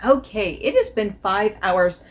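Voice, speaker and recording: A woman's voice: medium pitch, expressive, a little slow. A woman vlogging a casual fragrance review, chatty and rambling, laughing often as she describes the notes. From not from the American South.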